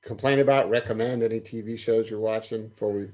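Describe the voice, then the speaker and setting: A man's voice: on the low side, fairly even intonation, fast, a little mellow. A man hosting a casual sports podcast, easygoing and steering the talk with questions. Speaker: podcast host.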